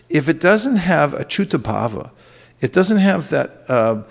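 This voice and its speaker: Halting male lecturer in a reverberant hall. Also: medium pitch, creaky. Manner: relaxed, halting delivery with many fillers, quotes Sanskrit verses. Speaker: guest speaker at a temple class. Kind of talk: scripture class lecture. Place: temple hall.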